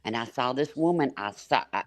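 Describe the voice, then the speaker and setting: A woman's voice: very deep voice, animated, brisk. A woman, hosting a livestream panel and telling blunt, laughing stories. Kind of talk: casual storytelling on a panel.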